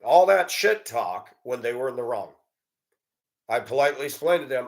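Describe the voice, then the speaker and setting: A man's voice: medium pitch, lively intonation, moderate pace. A man giving a blunt, profane, indignant monologue and telling a story about a run-in. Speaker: commentator. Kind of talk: ranting monologue.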